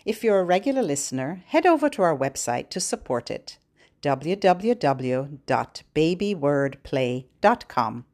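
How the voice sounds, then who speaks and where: A woman's voice: low voice, big pitch swings, a little slow, a little mellow. A woman hosting a podcast for babies and parents, singing songs and rhymes in a cheerful, sing-song way with playful sound effects.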